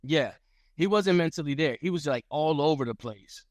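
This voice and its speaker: A man on a podcast as a guest fighter, telling a story in casual chat, animated and profane, acting out what others said. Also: a little high, moderate pace, dry recording, clean studio sound. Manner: animated, profane, acts out quotes.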